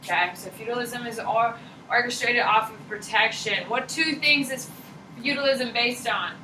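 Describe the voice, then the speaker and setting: A woman teaching a high school history class, blunt and slangy, firing questions at her students. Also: normal speed, pushed and bright, a little hiss or hum. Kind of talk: classroom lecture. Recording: echoey classroom, mic far off.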